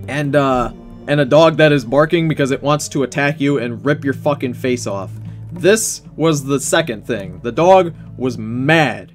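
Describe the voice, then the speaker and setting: A young man streaming while he draws, telling a long story in a rambling, profane, animated way. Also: on the high side. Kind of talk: casual storytelling while drawing.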